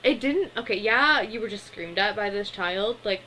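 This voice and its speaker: Young woman, casual cartoon review, chatty with lots of fillers, mid-pitched voice, faint room hum. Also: lively intonation, moderate pace, sharp tone, poor audio. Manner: chatty, many fillers, laughs to herself. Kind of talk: casual episode recap.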